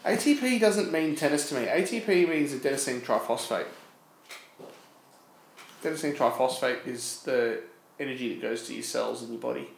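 A man's voice: mid-range voice, lively intonation, moderate pace, creaky. Joking man in an echoey room. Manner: rambling, joking explanations. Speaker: podcast co-host. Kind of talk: casual chat, quiz.

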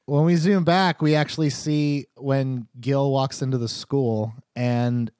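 A man's voice: mid-range voice, steady tone, unhurried, dark tone, clean tone, no room sound, studio quality. A man narrating a tabletop game as game master, teasing his players in a playful way.

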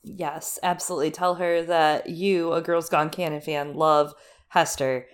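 A woman's voice: low-pitched, a little slow. A woman co-hosting a podcast, chatting casually about a TV episode, laughing often and acting out the characters' lines. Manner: animated, laughs often, acts out quotes. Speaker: podcast co-host. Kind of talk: casual chat recapping a TV episode.

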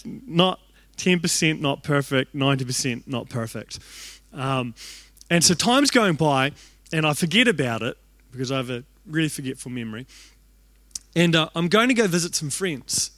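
A young New man preaches through personal stories, lively and quick to poke fun at himself as he acts out his own thoughts. His voice sits high. The sound is dry and close, with almost no room echo. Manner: animated, acts out quoted thoughts, self-deprecating humor. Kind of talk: storytelling sermon.

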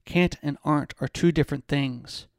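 A man reading the part of a menacing, controlling man who speaks in a calm, taunting, bullying way. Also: fairly high pitch, normal speed, dry recording, studio quality, lightly acted.

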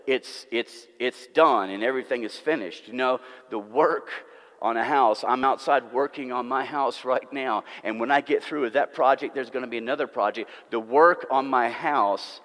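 A man's voice: mid-range voice, moderate pace, a bit bright. A man preaching a sermon, earnest and emphatic, repeating words for stress. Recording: long reverb of a church hall.

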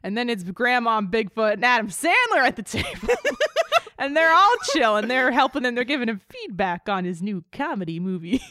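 A woman's voice: fairly high pitch, very animated, brisk, sharp tone. A woman co-hosting a comedic podcast, giggling and rambling through silly scenarios. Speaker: podcast co-host. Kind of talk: casual comedic chat.

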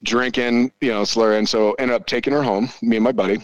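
A man in his forties, a podcast guest telling stories in casual chat, swearing freely and animated. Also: mid-range voice, fairly quick, no room sound, dull audio. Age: 40s. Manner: profane, animated storyteller.

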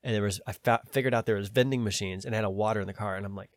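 A man's voice: lowish voice, steady tone, very fast, no room sound. A man on a podcast telling a long story in a casual way, quoting other people in his own voice and swearing now and then. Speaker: podcast host.

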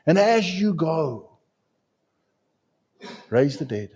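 A man preaching a sermon as a pastor, with dramatic swings in pitch and loudness. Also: very animated, drawn-out words, husky.

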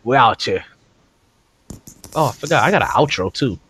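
A man's voice: mid-range voice, lively intonation, moderate pace, a bit bright, slightly rough. A man hosting a casual sports podcast, laughing often and rambling, recorded on his phone. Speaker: podcast host.

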